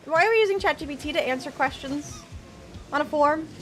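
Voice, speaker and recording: A woman's voice: high voice, a little fast, fairly bright tone, faint music behind. A woman streaming from home, chatting casually and teasing her viewers in chat.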